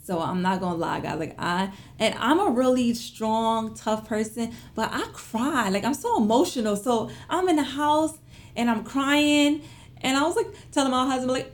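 Emotional, animated woman telling a story. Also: moderate pace. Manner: emotional, animated retelling with big pitch swings; conversational, colloquial phrasing. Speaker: small business owner. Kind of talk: casual storytelling to viewers.

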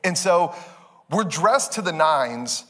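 A pastor in his thirties, his voice fairly high for a man, tells a story during a sermon in an animated, self-mocking way. He takes it slowly, and his words ring with the long reverb of a large church sanctuary.

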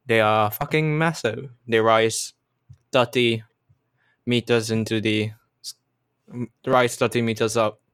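A man acts as game master, narrating where the players arrive in a loose, swearing, easygoing way. His voice is smooth and resonant, recorded close and dry with no room sound. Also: medium pitch, a little slow, long pauses, dry recording. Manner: relaxed, swearing, restarting phrases.

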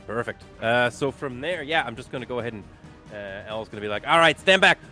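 A man's voice: mid-range voice, quick pace, bright, forceful tone, faint music behind. A man playing a tabletop game, chatty and thinking aloud. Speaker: player. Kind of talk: casual tabletop play.

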